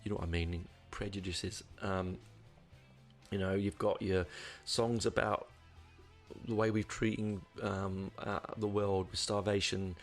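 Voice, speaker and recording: A man's voice: fairly low pitch, steady tone, measured pace, soft background music. A man hosting a podcast, rambling through a casual album review with many fillers and restarts. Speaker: podcast host.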